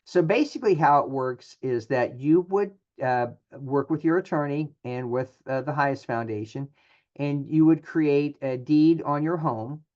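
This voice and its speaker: A man's voice: a little high, unhurried, darkish tone. A man giving a presentation on charitable gifts in a conversational style, with frequent filler words and restarts. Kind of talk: webinar presentation. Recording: dull lo-fi audio.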